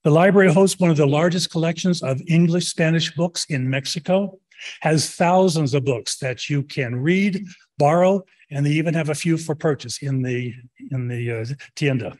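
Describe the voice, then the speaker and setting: A man's voice: on the high side, normal speed, a little mellow. A man introducing guest speakers at a club meeting, chatty and stumbling over names and Spanish words.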